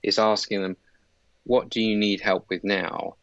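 A man's voice: on the low side, little pitch movement, measured pace, a bit bright, no room sound, muffled recording. A middle-aged man, a leadership coach, explaining his approach in an earnest conversational way with frequent fillers. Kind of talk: conversational interview.

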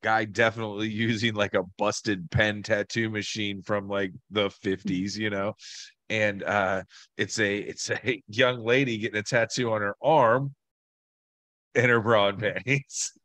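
A man co-hosting a casual podcast, talking bluntly with lots of swearing and animated bursts. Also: lowish voice, a little slow, no room sound. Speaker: tattoo artist, podcast co-host.

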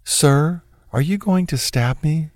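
A man's voice: a little high, slow, darkish tone, dry recording, clean studio sound, voice pushed up. A man voicing a frightened, submissive young woman with a timid, pleading, apologetic manner, in a read-aloud true crime story. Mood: fearful pleading.

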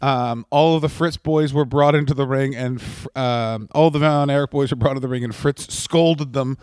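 Deadpan man riffing absurd tangents. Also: medium pitch, normal speed, clean tone, no room sound. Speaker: podcast co-host. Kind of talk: improvised comedy chat.

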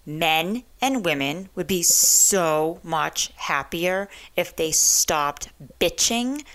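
Woman talk radio host, low voice, slow unhurried delivery, blunt and profane. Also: lively intonation, fairly bright tone.

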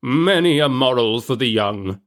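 A solemn old church clerk moralizes with grand, theatrical declamation. A male reader plays him close to his own voice. His voice is steady and heavy with self-importance. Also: medium pitch, a little slow.

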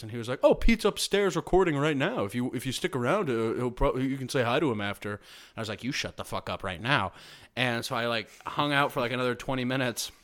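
A man hosting a podcast, telling a long anecdote in an excitable, rambling way. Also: medium pitch, clean tone. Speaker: podcast host. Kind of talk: casual chat.

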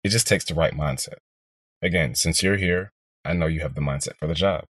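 A man in his twenties from Houston, Texas, hosting a podcast and telling a story in an energetic, motivational monologue aimed straight at listeners. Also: very deep voice, a little fast. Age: 20s. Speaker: podcast host, real estate investor.

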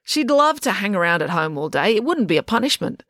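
A woman voicing a polite, soft-spoken, sly schoolboy. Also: mid-range voice, very animated, brisk, no echo, studio quality.

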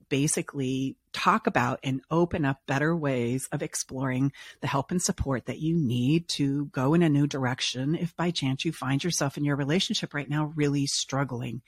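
Woman podcast host and coach, husky, emphatic, dry studio sound. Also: a bass voice, no echo. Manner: earnest, emphatic, acts out clients' voices. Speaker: relationship coach and show host. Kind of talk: podcast conversation.

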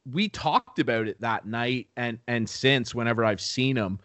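A young man talks casually about his broadcasting work, cursing freely and getting animated as he tells stories. His voice sits at a middle pitch and sounds dry and close, with no room around it. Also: dry recording. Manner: loose, swearing, animated storytelling. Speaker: local sports broadcaster. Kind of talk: casual podcast chat.

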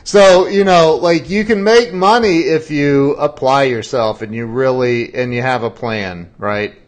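Male podcast host, mid pitch, halting restarts, animated storyteller. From Ohio, US. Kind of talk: casual interview chat.

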